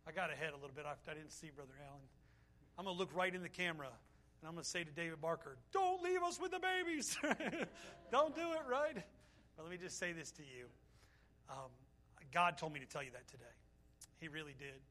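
Man, middle-aged, pastor, sermon, high-pitched, fervent preaching. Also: fairly even intonation, quick pace. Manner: fervent preaching, then soft prayer.

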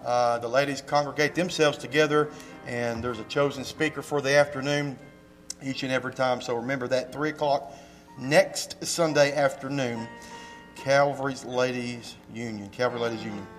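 A man, a pastor giving church announcements and telling a story in a folksy, animated way with emphatic rises, fighting a slight cough. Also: mid-range voice, normal speed, faint music behind. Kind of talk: church announcements and sermon talk. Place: church sanctuary.

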